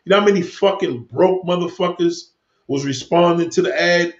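A man with a high voice rants heatedly to his stream viewers at a normal speed, swearing a lot and rambling from one point to the next. The recording has an echoey room and dull lo-fi sound, fitting this profane rant.

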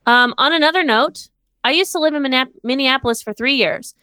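Bright, kinda high woman on a podcast, blunt and sweary, dry close mic. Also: a little fast, smooth, dry recording. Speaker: podcast co-host. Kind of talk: casual chat. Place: Los Angeles.

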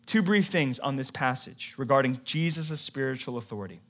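A male pastor giving a sermon in a conversational way, moving between quiet, low passages and emphatic, louder ones. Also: lively intonation, fairly quick, hardly any pauses.

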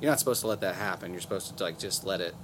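A man's voice: sits low, racing, noisy background. A man telling a rambling, profane, joking story in a casual podcast chat. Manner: rambling, profane, acts out voices in anecdotes. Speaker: podcast host.

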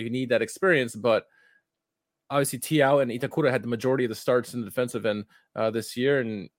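Male podcast co-host, rambling chat, middle pitch, dry sound. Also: dry recording. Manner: rambling, self-correcting, loose. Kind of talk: casual football podcast chat.

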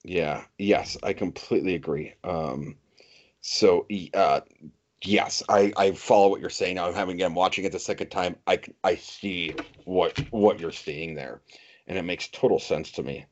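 A man co-hosting a podcast in casual chat, agreeable and hesitant, pausing often on ums and restarting his sentences. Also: sits low, steady tone. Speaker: podcast co-host. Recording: dull lo-fi recording.

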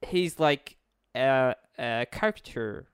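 A man's voice: mid-range voice, animated, slow pace, clear, resonant tone, dry recording, studio quality. A man co-hosting a podcast, chatting casually and joking with a friend, with loose restarts. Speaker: podcast co-host. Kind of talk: casual chat.

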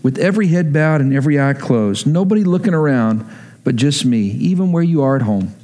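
A man's voice: animated, a little fast, warm tone. A man preaching earnestly as pastor, then leading a prayer and an altar call. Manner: earnest, emotional, rising in pitch as he pleads.

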